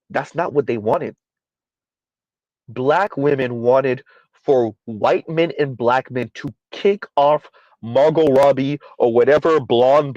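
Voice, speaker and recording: Speaking emphatically to his live-stream audience, a male commentary host reads their comments aloud and often repeats lines for effect. His voice is mid-range and darkish, the recording has no echo, and the highs are cut off.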